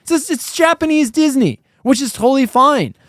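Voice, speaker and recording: Blunt, high-voiced man on a podcast. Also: animated, normal speed, fairly bright tone, dry recording, studio quality. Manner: blunt, swears, keeps cutting in. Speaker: podcast co-host. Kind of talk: casual chat.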